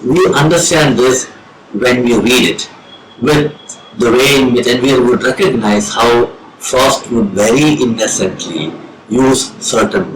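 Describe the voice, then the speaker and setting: A man with an Indian English accent, a professor of English giving a slow, measured lecture on reading poetry with deliberate pauses. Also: mid-range voice, noisy background. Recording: roomy with faint ambience.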